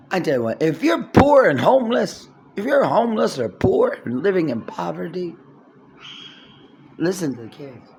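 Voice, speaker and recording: A man in his sixties talking to camera in a long rambling monologue, swinging from low mutters to loud outbursts, indoors in his apartment building. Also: vocal fry, husky. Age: 60s. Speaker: vlogger.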